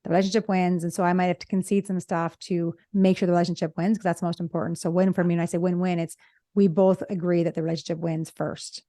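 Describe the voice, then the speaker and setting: A woman's voice: lowish voice, flat delivery, quick pace, mellow, no echo, clean studio sound. A woman co-hosting a relationship podcast as a therapist, speaking emphatically in a casual chat and repeating her key points with blunt asides. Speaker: relationship psychologist podcast co-host.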